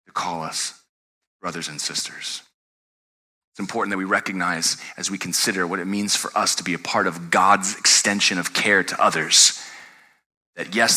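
A man in his thirties preaching a sermon as pastor, animated and conversational, asking the congregation questions and swinging from loud emphatic peaks to quiet low passages.

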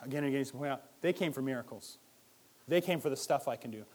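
A man preaching a sermon in a lively, conversational way, firing rhetorical questions and swinging between loud and hushed. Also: medium pitch, fast talker. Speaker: pastor.

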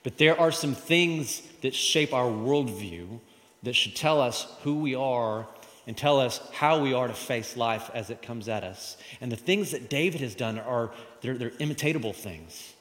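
A man's voice: mid-range voice, measured pace. Preaching man in a reverberant hall. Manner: animated, calls the congregation to repeat lines. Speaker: pastor. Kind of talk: sermon. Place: church hall with congregation. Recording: long reverb of a large hall.

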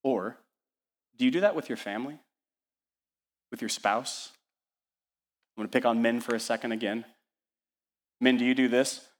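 Male pastor, mid-range voice, energetic sermon delivery at church, fond of lists and rhetorical questions. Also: mid-range voice, normal speed, pauses often.

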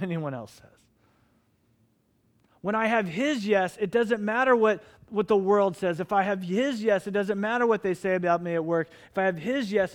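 A middle-aged man preaching a sermon as pastor, impassioned and pleading with his listeners. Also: sits high.

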